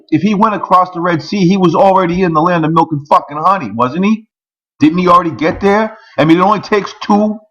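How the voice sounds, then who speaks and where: A man's voice: a little high, fairly bright tone, highs cut off. A man in an angry, profane rant, firing off rhetorical questions. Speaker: vlogger.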